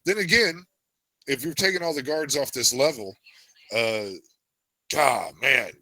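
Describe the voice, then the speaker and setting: A man's voice: mid-range voice, unhurried, pushed and bright, no echo. A man playing in a tabletop game, chatting casually and rambling through his plans. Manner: rambling, full of fillers. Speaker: player.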